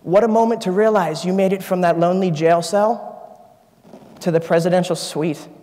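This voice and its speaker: A man's voice: high-pitched, steady tone, moderate pace, mellow. A man in his twenties giving a motivational keynote speech, telling a personal story earnestly and repeating key lines for emphasis, on a conference stage. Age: 20s. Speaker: keynote speaker, engineering student. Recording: long reverb of a large hall.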